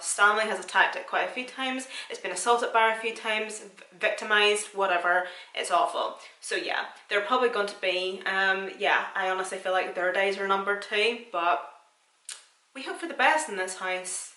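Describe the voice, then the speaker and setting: A woman's voice: medium pitch, pushed and bright, echoey room. A young woman chatting through a casual vlog tour of her houseplants, self-mocking and laughing often. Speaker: vlogger.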